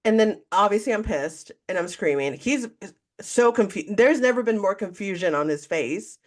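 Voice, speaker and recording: A woman's voice: medium pitch, moderate pace. A woman co-hosting a podcast, telling a candid story in casual chat and acting out what people said. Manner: candid, animated storytelling, acts out quotes. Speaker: podcast co-host.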